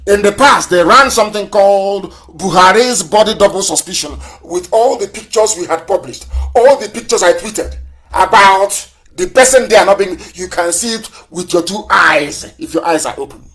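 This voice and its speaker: Fiery man, higher voice. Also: normal speed, a bit bright, husky. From southeastern Nigeria. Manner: fiery, repetitive rhetorical questions and taunts. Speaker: movement leader on a live broadcast. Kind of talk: impassioned live broadcast address.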